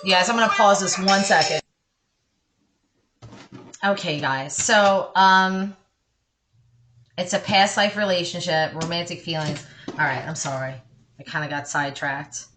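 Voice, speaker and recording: A woman reading tarot cards for her online followers in a loose, conversational way. Her voice is bright and forward, and she keeps reassuring her listeners while stopping now and then to apologize for getting sidetracked. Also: fairly low pitch, unhurried, long pauses, slight background noise. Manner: chatty, reassuring, with frequent apologetic asides. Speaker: tarot card reader. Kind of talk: casual tarot reading for viewers.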